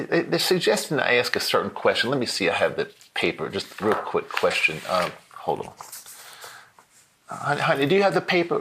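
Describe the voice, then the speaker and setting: A man's voice: medium pitch, fairly bright tone, slight background noise. A man putting on a bumbling drawling caller. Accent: put-on Southern-sounding drawl. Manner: fumbling, stammering, repeats himself. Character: hesitant older male caller with odd drawl. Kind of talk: prank mystery-shopper phone call.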